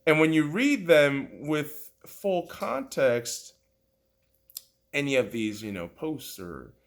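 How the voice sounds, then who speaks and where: A man hosting a podcast, delivering a heated, profane, mocking political rant that swings from loud outbursts to low muttering. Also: expressive, slow. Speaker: podcast host.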